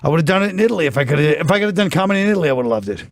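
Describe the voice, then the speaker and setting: Casting: American man, comic guest, digressive storyteller, fairly high pitch, dry studio sound. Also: expressive, rapid-fire, dry recording. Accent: New York. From United States. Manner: rambling, self-interrupting storyteller with frequent laughs. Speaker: guest comedian. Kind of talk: casual podcast chat.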